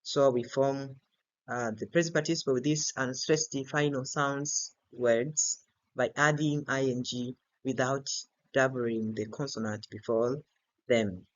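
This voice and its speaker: A man's voice: mid-range voice, steady tone. A man teaching an English grammar and pronunciation lesson, repeating each word several times to model its stress. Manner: slow and deliberate, repeats words many times to model stress. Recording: slightly dull lo-fi recording.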